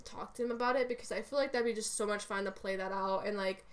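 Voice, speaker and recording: A young woman co-hosting a podcast rambles and giggles about her role-play characters, using lots of fillers. She speaks fast in a steady, mid-range voice.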